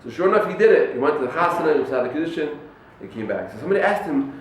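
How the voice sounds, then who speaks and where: Fast-talking, animated rabbi in an echoey hall. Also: male voice, fairly high pitch. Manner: animated storyteller acting out quoted people. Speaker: yeshiva rabbi giving a talk to students. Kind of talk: lively sermon with told stories. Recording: echoey room, mic far off, faint noise.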